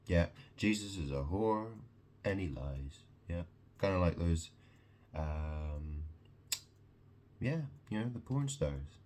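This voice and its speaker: A man's voice: deep voice, lively intonation, unhurried, a little mellow. A man in a rambling solo monologue, repetitive and profane, often stopping to check in with the listener.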